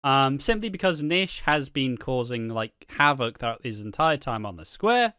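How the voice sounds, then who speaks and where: A man chats loosely about soap storylines, wandering through his points and swearing freely. His voice is smooth and clear, recorded close and dry with no room sound. He sits at a middling pitch for a man. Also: very animated, normal speed, pushed and bright, dry recording. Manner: rambling, swears freely, acts out quotes. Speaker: soap opera commentator. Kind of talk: casual chat.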